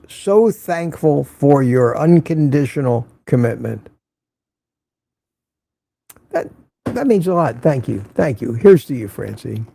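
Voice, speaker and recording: A man's voice: mid-range voice, vocal fry, mellow, husky, no room sound. A man hosting a casual morning livestream, greeting viewers by name and reading their chat messages, chatty and chuckling often, repeating himself.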